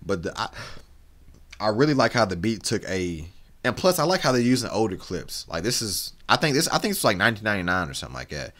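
Reaction host, male, low register with a wide, animated pitch swing, frank, rambling, slangy delivery. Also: quick pace. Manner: rambling and slang-heavy, many restarts and filler tags; frank and opinionated. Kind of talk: casual reaction commentary.

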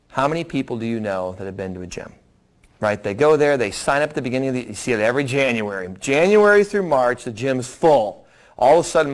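Middle-aged male doctor, seminar talk, folksy and animated, plain mid voice. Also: mid-range voice. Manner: lively, folksy explanations with acted-out quotes. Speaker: doctor presenting a weight loss program. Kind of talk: seminar talk answering audience questions.

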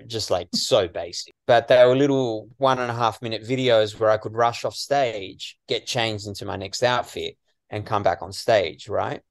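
An Australian man from western Sydney, a comedian guest in a casual interview, chatty and full of "you know"s and lively asides. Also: lowish voice, gravelly, no room sound.

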